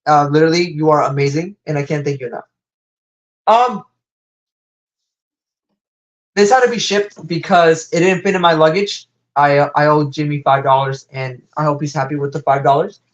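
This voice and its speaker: A young man with a slight Latin American Spanish accent streams a live toy unboxing. He gushes and rambles, and his voice leaps high whenever something delights him. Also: a little fast, muffled recording. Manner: excitable, gushing, wide pitch jumps.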